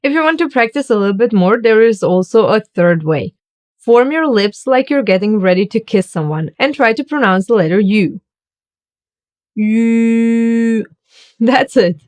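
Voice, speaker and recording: A woman giving a scripted language lesson, speaking slowly and deliberately as she demonstrates each sound. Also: medium pitch, lively intonation, darkish tone. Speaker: German teacher.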